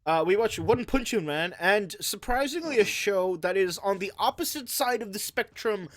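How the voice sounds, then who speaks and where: A man's voice: sits high, expressive, normal speed, no room sound. Rambling young man, dry close sound. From Canada. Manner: rambling, with many fillers and restarts. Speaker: host. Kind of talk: casual anime review chat.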